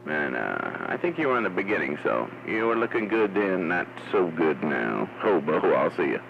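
A man's voice: low-pitched, big pitch swings, moderate pace, creaky. A man talking casually on a CB radio, laid-back, and calling everyone "man". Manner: laid-back, drawling, says "man" often. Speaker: CB radio operator. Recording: muffled radio audio with static.

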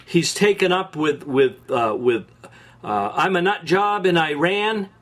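An angry man rants as the host of an opinion show, his voice sitting high for a man. He talks in sarcastic bursts, stumbling and restarting as his anger builds. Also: unhurried, fairly bright tone. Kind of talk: political opinion monologue.

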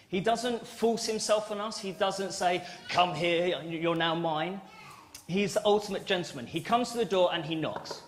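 High-voiced preacher. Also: male voice, slight background noise. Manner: playful, acts out little dialogues. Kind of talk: family-service sermon. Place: church.

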